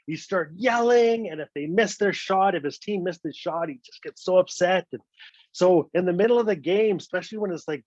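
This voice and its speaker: A man's voice: high-pitched, dry recording. Playful storyteller man. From Northwest Territories, Canada. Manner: lively, playful, repeats words for effect, ends lines with "eh". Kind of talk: told folk story, casual and humorous. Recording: dull, dry lo-fi online recording.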